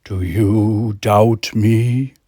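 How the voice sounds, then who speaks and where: A man doing a slow whispering alien god. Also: on the low side, steady tone, warm tone, dry recording, studio quality. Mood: menacing. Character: wrathful godlike alien entity, menacing.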